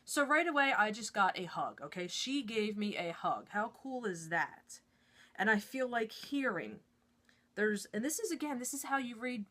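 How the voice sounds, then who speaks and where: A woman's voice: fairly high pitch, a bit bright. A woman, an intuitive reader and Reiki practitioner, chatting through a step-by-step lesson in her studio and checking in with frequent "okay?"s. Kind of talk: casual step-by-step teaching to camera. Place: her own studio shop.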